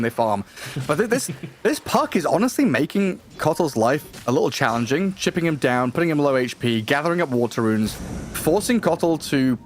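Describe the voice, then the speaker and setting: A man doing fast, lively play-by-play commentary on an esports match. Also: mid-range voice, slight background noise. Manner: quick, lively play-by-play calls. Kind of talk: live game commentary.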